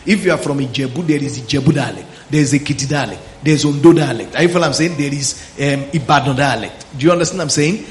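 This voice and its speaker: A man's voice: medium pitch, fast, hardly any pauses, roomy sound, slight background noise. A man preaching a Bible teaching sermon, often questioning the congregation and drawing out words for emphasis. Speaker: pastor.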